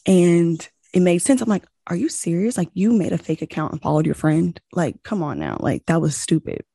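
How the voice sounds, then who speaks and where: A young woman chatting casually, telling a long story with animated retellings of quoted exchanges and lots of "like.". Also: on the low side, moderate pace, vocal fry, husky, no echo. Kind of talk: casual chat.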